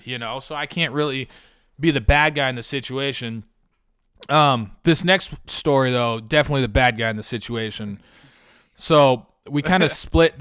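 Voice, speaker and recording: A man's voice: mid-range voice, fairly bright tone, clear, resonant tone, no echo, studio quality. A young man hosting a podcast, telling a long profane story in a loose, rambling way with lots of filler words. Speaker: podcast host. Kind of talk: casual storytelling.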